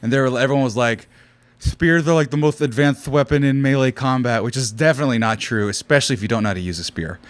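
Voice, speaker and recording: A man co-hosting a casual livestream podcast, excitedly reading out chat and donations. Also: medium pitch, fast, no room sound. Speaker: podcast co-host.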